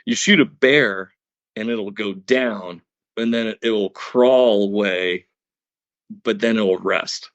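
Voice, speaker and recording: Low-voiced man on a dull, dry line. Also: slow pace, no echo. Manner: earnest, explains step by step with many restarts. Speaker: podcast guest, hunter. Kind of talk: casual storytelling interview.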